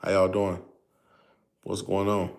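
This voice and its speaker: A man's voice: low-pitched, completely flat delivery, slow, creaky. A man hosting a casual livestream, greeting viewers over and over and explaining things in a loose, filler-heavy way. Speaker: livestream host.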